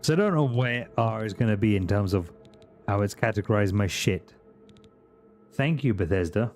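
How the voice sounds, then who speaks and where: Male streamer, animated and foul-mouthed, mid pitch swinging widely, faint game music behind. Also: normal speed. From Britain. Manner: animated, profane and jokey, talking to chat. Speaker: streamer playing a video game. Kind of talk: casual gaming commentary.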